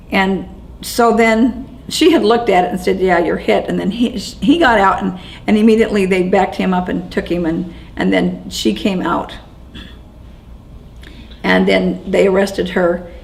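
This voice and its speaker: A woman with a gravelly, creaky voice recounts events she witnessed in an interview. Her speech is halting and shaken, full of restarts and repeated words, at a mid pitch. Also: low-quality recording. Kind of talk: first-person eyewitness account.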